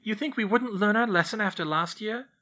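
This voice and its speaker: A man voicing a sharp-tongued nervous aunt. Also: sits high, a little fast, muffled recording, pitched above the performer's own voice. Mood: spiteful. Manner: spiteful, urgent.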